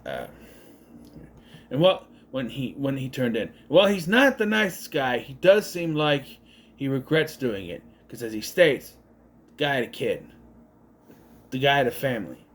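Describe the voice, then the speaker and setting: Casual male movie reviewer, lively delivery, sarcastic and fed up. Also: medium pitch, measured pace, long pauses. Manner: exasperated, sarcastic, swears often. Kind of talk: casual movie recap and rant.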